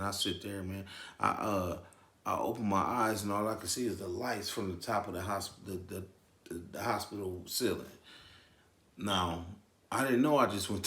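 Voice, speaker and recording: A man's voice: lowish voice, a bit bright. Slangy, swearing man with an echoey sound. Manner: loose, slangy, says "man" often, swears. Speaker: storyteller vlogger. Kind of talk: casual storytelling to camera.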